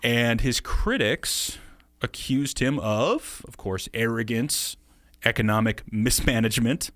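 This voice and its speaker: An American man chatting on a podcast, fast and loose, breaking into laughs often. His voice sits at a middling pitch. The recording is dry and close, with no room sound. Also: fairly bright tone, no echo. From United States. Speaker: podcast co-host. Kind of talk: casual podcast chat.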